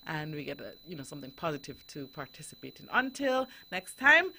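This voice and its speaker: Woman radio host, bright and forceful, earnest and direct with parents, casual studio talk. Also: low-pitched, big pitch swings, fairly quick, gravelly, breathy edge.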